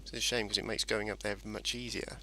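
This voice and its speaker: A man's voice: lowish voice, little pitch movement, brisk, heavy background noise. A man casually commentating a space game as he plays, rambling and explaining each step. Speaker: gameplay commentator. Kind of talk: casual let's-play commentary.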